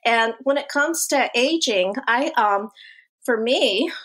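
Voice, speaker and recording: A woman in her sixties with a high, bright-sounding pitch, chatting as an interview guest. She tells stories in a lively, animated way and laughs easily. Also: slow pace. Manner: animated storyteller who laughs often. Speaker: guest, college activity instructor. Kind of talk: casual interview talk.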